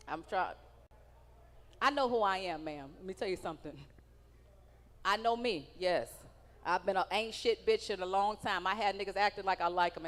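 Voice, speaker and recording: A woman's voice: medium pitch, a bit bright. A woman doing a stand-up comedy set on stage, brash and profane, teasing people in the audience. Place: comedy stage in a large hall. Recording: live venue with long hall reverb.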